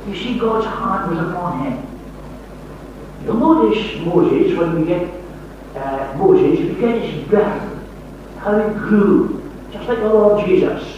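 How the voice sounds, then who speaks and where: An older man preaches slowly and emphatically. His voice sits a little high and climbs on key phrases before dropping low. The sound is dull and far off, with heavy echo from a large hall. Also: animated, slight background noise. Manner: slow, emphatic, rising on key phrases, dropping to near-whispers. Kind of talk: sermon. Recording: far-off, echoey, dull old hall recording.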